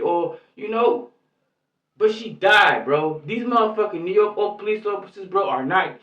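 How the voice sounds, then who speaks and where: A New York YouTube commentator delivers angry, rambling vlog commentary in heavy street slang, cursing constantly. His voice is high-pitched and fairly bright, and the lo-fi recording sounds echoey, distant and muffled.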